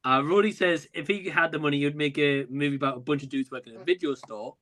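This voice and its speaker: A man's voice: a little high, quick pace, a bit bright. A man hosting a livestream, reading out viewer comments and laughing often. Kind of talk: casual livestream chat.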